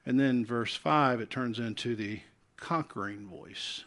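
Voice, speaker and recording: A pastor with a Southern US accent preaches a sermon, his medium-pitched voice moving at an unhurried pace. He swings between loud, urgent calls and soft, hushed appeals.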